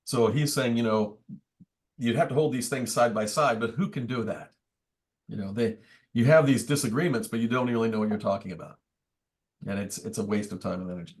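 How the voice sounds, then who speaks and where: In a church meeting room, a priest leads a book study group, conversational and thoughtful with wry asides. His voice is mid-range and brisk.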